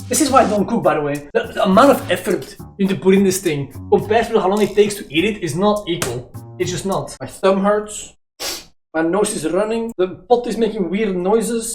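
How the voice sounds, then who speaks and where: Young man, streamer, excitable, swearing, loud outbursts, echoey kitchen. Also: high-pitched. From Belgium. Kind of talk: live-stream chat while cooking. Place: home kitchen. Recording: echoey kitchen with faint music.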